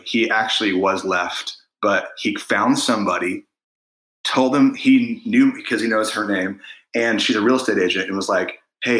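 A middle-aged man with a fairly low voice and a bright, forceful edge tells a story on a podcast, acting out the voices in it. The sound is roomy, with noticeable echo. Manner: animated storyteller, acts out quoted voices. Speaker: guest singer-songwriter. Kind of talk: casual interview storytelling.

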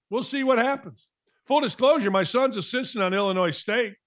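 A man's voice: extremely high pitch, fairly quick, fairly bright tone. A middle-aged man hosting a sports talk show, delivering a blunt, emphatic monologue with a mocking edge.

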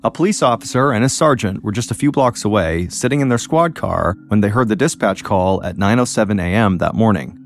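A man hosting a podcast, telling a true-crime story in a measured, suspenseful scripted narration. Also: on the low side, expressive, slight background noise. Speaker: podcast host.

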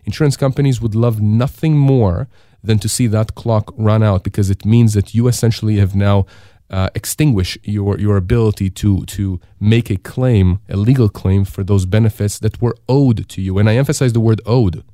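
Guesting on a radio talk show, a middle-aged disability insurance lawyer from Canada offers forceful advice, repeatedly asking himself rhetorical questions. His voice sits on the low side, dark and steady at a moderate pace, captured in clean studio sound with no echo.

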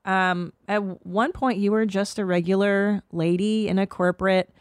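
A woman's voice: medium pitch, fairly even intonation, normal speed, clear, resonant tone, no room sound, studio quality. A woman in her forties hosting a podcast in casual, brash, profane chat, telling stories with lots of animation. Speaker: podcast host.

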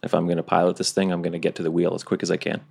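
A man's voice: sits low, monotone, rapid-fire, vocal fry, darkish tone. A man playing a tabletop game, dry and grumbling. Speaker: player.

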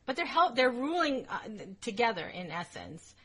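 Woman cohost, bright but kinda husky, dry blunt comments. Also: a little high, sing-song, moderate pace. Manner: wry, blunt reactions. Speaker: podcast co-host. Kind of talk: casual history podcast chat.

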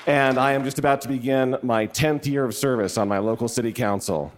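A man's voice: medium pitch, brisk. Self-assured man speaking from a crowd. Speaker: audience member, city councilman. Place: live theater audience. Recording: live venue recording with audience noise.

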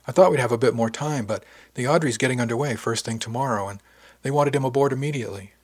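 A man's voice: mid-range voice, fast, darkish tone, lightly acted. A man voicing a wry, easygoing woman who leads a ship's section, speaking with dry humor.

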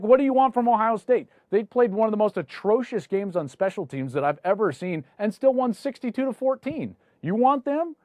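A man hosts a sports talk show, firing back at viewers with mock outrage. His voice sits a little high. The studio sound is close and dry. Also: darkish tone, no echo. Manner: mock-indignant ranting at viewers.

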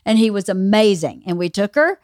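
A woman in a casual chat who tells her side bluntly and is quick to contradict. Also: mid-range voice, animated, darkish tone, no room sound, clean studio sound.

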